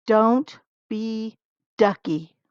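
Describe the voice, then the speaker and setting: A woman reading a picture book aloud to young listeners, expressive and stopping to talk with them about the pages. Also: on the high side, very slow, clear, resonant tone, no echo. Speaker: storybook reader. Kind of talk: children's read-aloud. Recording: dull lo-fi recording.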